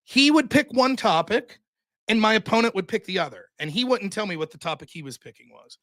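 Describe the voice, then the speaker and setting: A young man telling a story on his stream in a profane, animated way, as the host of the show. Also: high voice, fairly quick.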